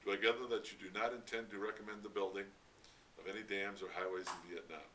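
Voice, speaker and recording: A man voicing a polite, gentle male official who speaks formally, read from a distance with faint noise. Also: low voice, level tone, fast talker, lightly acted. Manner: courteous, formal.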